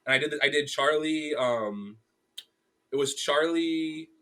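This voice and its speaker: A man's voice: a little high, slow pace. A young man, a graphic artist guest on a podcast, telling a story in casual chat with lots of fillers and acted-out quotes. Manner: animated storytelling, acts out quotes, many fillers.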